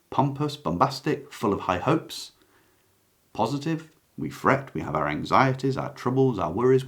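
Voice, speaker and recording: A man giving a slow, reflective line-by-line lecture on a play, sometimes pausing to search for words. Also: mid-range voice, darkish tone. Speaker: literature teacher.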